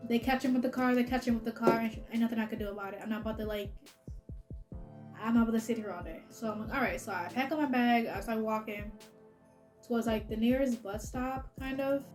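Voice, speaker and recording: Chatty high-voiced young woman. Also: quick pace, music in the background. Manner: chatty, heavy use of filler "like", laughs often. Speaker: vlogger. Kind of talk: casual storytime.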